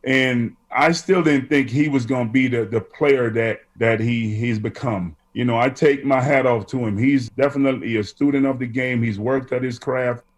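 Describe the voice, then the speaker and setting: A man's voice: mid-range voice, steady tone, normal speed, hardly any pauses. A man who once played basketball, reflecting in an interview clip and restarting often.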